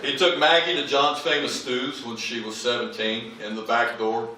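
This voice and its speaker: In a large memorial service hall, a man gives a humorous eulogy for his father, telling animated family anecdotes and acting out what people said. His mid-range voice moves at a moderate pace, sounding echoey and far from the mic with slight background noise.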